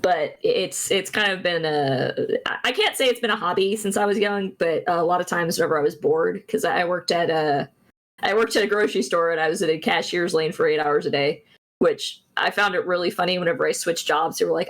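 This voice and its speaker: A woman's voice: fairly low pitch, brisk. A woman, streaming and chatting casually, rambling with many restarts and giggles.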